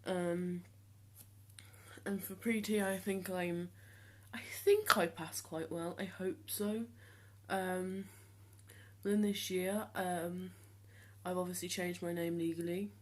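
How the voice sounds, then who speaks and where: A seventeen-year-old young man talking casually to the camera in a vlog, hesitant with many ums and restarts, speaking in a voice he has deliberately trained lower. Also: fairly even intonation. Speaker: vlogger.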